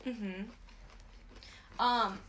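Bright giggly woman, faint room noise. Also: mid-range voice, steady tone, extremely slow. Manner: giggly, teasing. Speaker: podcast co-host. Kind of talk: casual chat while eating.

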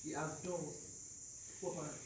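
A man's voice: fairly high pitch, steady tone, a little slow. A man in a congregation reading scripture aloud. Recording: echoey hall, from far off, with noise.

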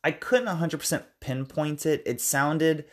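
A man's voice: fairly high pitch, measured pace. Rambling American man reviewing a film. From United States. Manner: rambling, self-correcting, acts out film lines. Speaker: podcast co-host. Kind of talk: casual film review chat.

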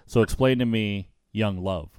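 Male podcast host, lowish voice, chatty and relaxed, dry close sound. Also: clean tone, no room sound. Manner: easygoing, chatty, quick to laugh. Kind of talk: casual podcast interview.

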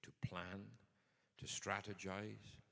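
A man's voice: on the low side, level tone, slow pace, vocal fry, big-room sound. A man preaching a sermon in a conversational but emphatic way. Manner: conversational, emphatic, builds to forceful points.

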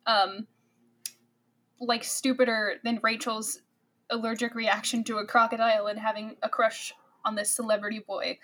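A woman's voice: a little high, level tone, moderate pace, a bit bright. Sarcastic chatty young woman podcaster. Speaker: podcast co-host. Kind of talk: casual book discussion.

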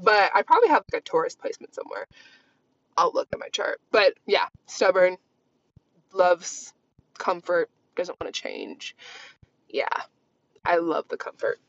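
A woman's voice: on the low side, lively intonation, unhurried, long pauses, dry recording. A candid young woman in her twenties rambles through a casual solo podcast, leaning on "like" as she thinks aloud. Her voice is recorded close and dry, with a slightly dull, lo-fi tone. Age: 20s. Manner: rambling, candid, heavy use of "like". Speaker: podcast host.

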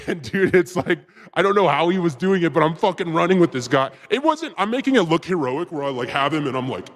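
A man telling a story as a podcast guest, rambling and profane, with excited bursts. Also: fairly high pitch, fairly quick. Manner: profane, rambling, with filler words; excited bursts when retelling action. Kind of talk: casual storytelling.

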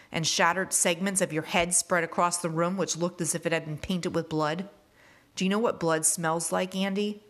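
Woman reader as stern grieving teen, pointed questions, lower pitch. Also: a bit bright. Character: grieving teenage classmate, relentless and stern. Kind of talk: reading a novel aloud.

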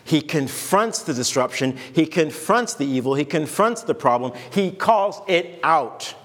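A man's voice: a little high, lively intonation, measured pace, a bit bright, long reverb tail. A man preaching a sermon as pastor, in a loose, conversational way, stopping and restarting and acting out little asides. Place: church.

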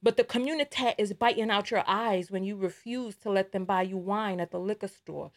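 A woman's voice: mid-range voice, fairly quick. A woman hosting a livestream, giving emphatic commentary with repeated rhetorical asides. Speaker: livestream host.

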